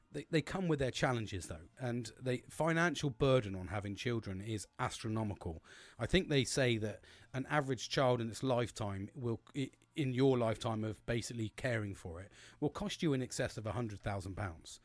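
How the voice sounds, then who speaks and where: A man's voice: mid-range voice, animated, moderate pace, dry recording. A man in his forties, hosting a podcast in a casual solo monologue, rambling and swearing with many restarts. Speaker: podcast host.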